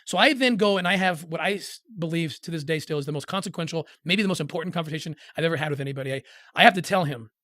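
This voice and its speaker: This interview guest is a middle-aged man recounting something personal, earnest yet halting, with frequent restarts while he imitates others' voices. His pitch is fairly high with a sharp tone, captured in studio quality with no echo.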